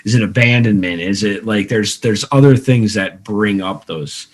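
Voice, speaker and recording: A man co-hosts a podcast in casual conversation, reflecting as he speaks and repeating words while he works out his thoughts. His voice sits low and has a husky grain. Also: moderate pace. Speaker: podcast co-host.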